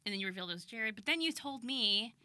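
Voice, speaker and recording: A woman co-hosting a podcast, chatting casually in a playful, expressive way. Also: a little high, no room sound. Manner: playful, expressive, quick reactions. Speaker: podcast co-host and voice actor. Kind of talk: casual chat.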